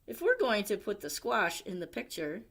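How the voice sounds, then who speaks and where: A woman's voice: mid-range voice, wildly swooping pitch, normal speed, fairly bright tone, heavily acted. A woman reading the lines of a fussy, particular wife in a storybook.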